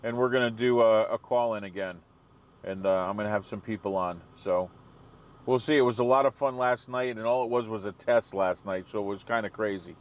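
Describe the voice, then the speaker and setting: A man's voice: fairly low pitch, a little fast, lo-fi sound. A man hosting a live stream, chatting casually with viewers and answering their comments. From New England.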